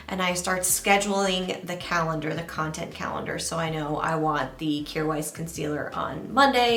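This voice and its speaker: A woman in her thirties talking casually to camera as a beauty vlogger, chatty and animated, dropping into hushed asides. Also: on the low side, echoey room. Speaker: beauty YouTuber. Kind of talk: casual vlog talk to camera.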